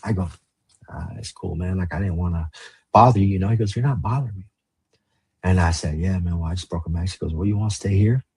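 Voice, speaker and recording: A man's voice: low voice, fairly even intonation, quick pace, darkish tone, slightly rough. A man telling his life story as a podcast guest, blunt and profane, acting out past conversations in quoted lines. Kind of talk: candid storytelling in a podcast interview.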